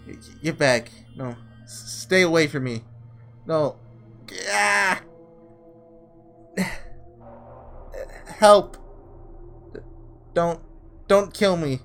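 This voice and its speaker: A man's voice: a little high, animated, extremely slow, long pauses, fairly bright tone, faint music behind, pitched above the performer's own voice, heavily acted. A man voicing a terrified wounded young woman in a visual novel, screaming and stammering as he pleads. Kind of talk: reading a visual novel aloud.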